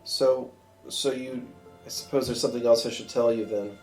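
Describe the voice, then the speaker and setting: Game master: woman, very deep and mellow voice, halting narration. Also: steady tone, soft background music. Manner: hesitant, halting. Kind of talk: running a tabletop game.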